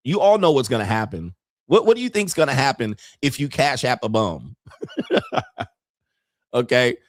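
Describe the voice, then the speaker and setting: A blunt, profane man hosting a commentary show, his voice sitting at an ordinary middle pitch. He laughs often as he talks. The sound is dry and close, with no room in it. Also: dry recording. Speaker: commentary host. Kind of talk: casual commentary and storytelling.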